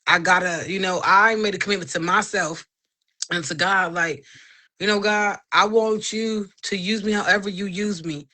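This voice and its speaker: A woman in her thirties shares a personal faith testimony in relaxed podcast conversation. Her voice is bright and forward, and she tells the story with animation, slipping into the voices of the people she quotes. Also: mid-range voice, moderate pace. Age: 30s.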